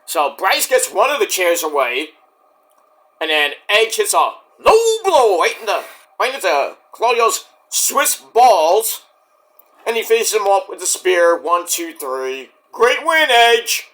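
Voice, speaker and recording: Lively high-voiced man recapping casually. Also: a little slow. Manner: rambling with self-corrections, acts out quotes. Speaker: wrestling reviewer.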